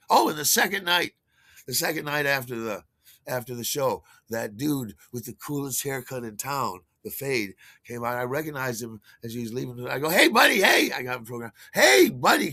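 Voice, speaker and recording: An older man hosting a podcast, telling a rambling story in a casual, animated way with restarts and chuckles. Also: gravelly, no room sound, clean studio sound. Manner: animated, acts out quotes in a higher voice. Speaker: podcast host.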